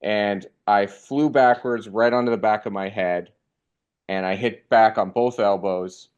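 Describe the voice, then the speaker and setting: A young man telling a funny personal story in a casual, animated way, acting out the voices of the people in it. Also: on the low side, unhurried, clear, resonant tone, muffled recording. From Canada.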